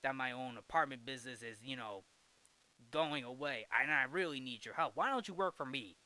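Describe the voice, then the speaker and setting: A man's voice: mid-range voice, a little fast, sharp tone, lightly acted. A man casually quoting a greedy old male banker, wheedling and repeating himself. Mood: coaxing. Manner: wheedling, repetitive.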